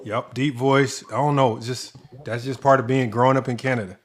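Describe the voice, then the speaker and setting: A man's voice: medium pitch, steady tone, brisk. A man who coaches basketball, co-hosting a casual sports talk show, telling stories animatedly with lots of laughter and swearing. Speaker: basketball coach and podcast co-host.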